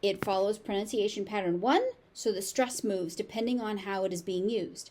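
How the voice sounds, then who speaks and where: A woman with a General American accent teaching pronunciation, saying each word slowly, sometimes syllable by syllable. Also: medium pitch, darkish tone, slight background noise. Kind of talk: slow, deliberate pronunciation lesson.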